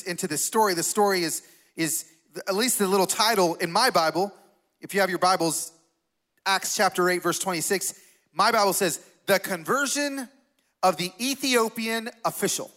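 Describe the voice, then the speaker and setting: A man in his forties preaching as a guest speaker in a church, talking casually with self-deprecating humor and animated retelling. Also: high voice. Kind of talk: sermon. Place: church sanctuary.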